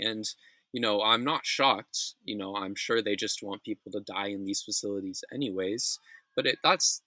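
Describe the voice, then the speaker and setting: A man's voice: lowish voice, pushed and bright, no room sound, rough recording. Blunt, profane man ranting. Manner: blunt, profane, opinionated, with frequent restarts. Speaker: news commentary host. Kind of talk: casual news commentary podcast.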